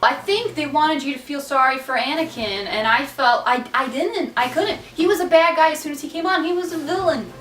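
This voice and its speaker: High-voiced woman, blunt and sarcastic. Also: fairly quick, few pauses, a bit bright, distant mic, soft background music. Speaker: film reviewer. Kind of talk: casual review chat. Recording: roomy, away from mic.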